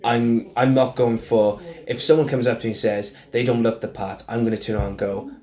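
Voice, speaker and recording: A man's voice: mid-range voice, fairly quick. Welsh man, podcast host, casual chat, outspoken and profane, ranting with gusto. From Wales. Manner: blunt, swears freely, animated rants.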